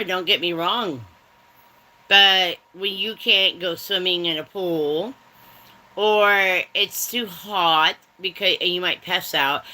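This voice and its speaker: A woman's voice: lowish voice, sharp tone, rough recording. A woman hosting a casual livestream chat from home, talking straight to her viewers in a rambling, chatty way. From Germany. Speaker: livestream host.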